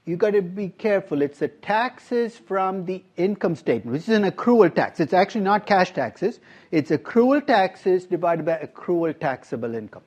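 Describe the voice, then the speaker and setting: A middle-aged male professor lectures a class in a slightly high voice that swings widely in pitch. He keeps putting questions to his students and slips in dry, wry asides. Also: very animated, normal speed, darkish tone. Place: university classroom.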